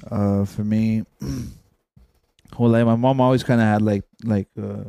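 Deep-voiced young man telling a slangy story. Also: fairly even intonation, slow, gravelly, dark tone, clean tone, dry recording, studio quality. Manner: rambling, slangy, swears often. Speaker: podcast co-host. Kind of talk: casual storytelling among friends.

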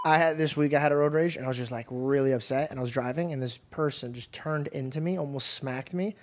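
A man hosting a podcast, telling stories in a lively, animated way with casual swearing. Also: mid-range voice, fast. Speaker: podcast host. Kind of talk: casual chat.

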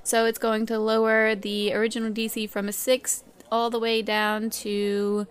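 A fairly high-pitched woman running a tabletop role-playing game as game master. She talks in an animated, chatty way, slipping into playful character voices. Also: moderate pace, clear, resonant tone.

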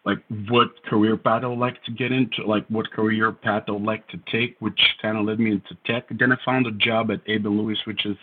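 A man's voice: lowish voice, level tone, a little fast, hardly any pauses, phone-quality sound, a little hiss or hum. A Bulgarian man in his thirties with a Bulgarian accent, a podcast guest telling his story in a wry, self-deprecating way. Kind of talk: casual storytelling interview.

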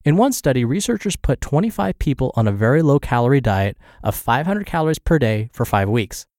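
A man with a congested, slightly scratchy voice narrates a health blog post at a steady, informative pace. His pitch sits in the middle of the range. The recording is dry and close. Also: dry recording. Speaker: podcast host and narrator. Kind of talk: reading blog posts aloud.

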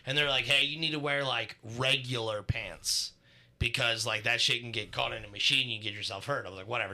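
Crude, rambling man with a very bright voice. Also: medium pitch. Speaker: podcast co-host. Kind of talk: casual chat.

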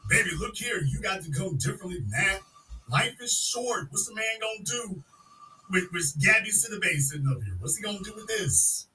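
A man's voice: high voice, big pitch swings, moderate pace, bright, forceful tone, a little hiss or hum. A man hosting a call-in show, mocking and insulting a caller and talking over her. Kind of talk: combative call-in talk. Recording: voice distant from the mic.

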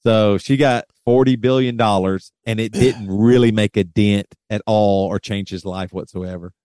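Low-voiced man reading celebrity news casually. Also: fairly even intonation, mellow, dry recording, studio quality. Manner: loose, reads out figures with halting asides. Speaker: podcast host. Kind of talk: casual chat, reading news items aloud.

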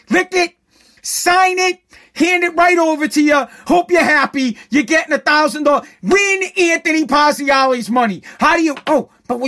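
A man's voice: very high voice, bright, forceful tone. A man ranting in a profane, sarcastic, indignant way. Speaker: ranter. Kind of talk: profane comedic rant.

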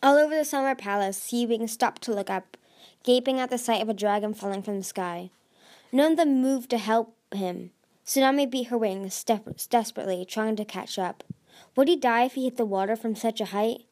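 A woman's voice: fairly high pitch, moderate pace, darkish tone. A woman reading a dragon fantasy novel aloud as an amateur narrator, with frequent slips and restarts.

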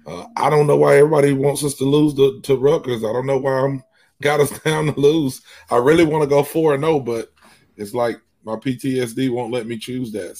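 A man's voice: medium pitch, a little mellow. A man on a casual sports podcast, joking and self-deprecating.

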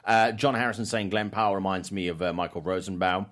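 A man's voice: low voice, fairly even intonation, quick pace, a bit bright. A man hosting a casual podcast chat, reading out viewer comments and rambling with self-corrections and jokes.

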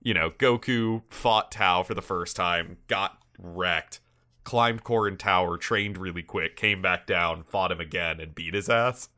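A man with a fairly low voice and a bright, forceful edge talks in a loose, rambling way. He laughs often and swears freely while chatting casually as a podcast co-host. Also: measured pace. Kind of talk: casual chat reviewing an anime episode.

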